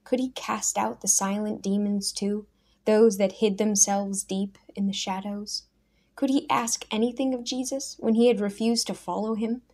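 A woman narrating a storybook in a measured, soft-spoken reading. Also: medium pitch. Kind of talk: scripted audiobook narration.

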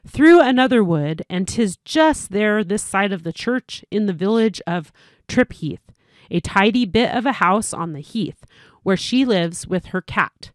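A woman's voice: mid-range voice, no room sound, studio quality. A woman voicing an eager young boy, a knight's son, in old-fashioned speech, in a storybook reading.

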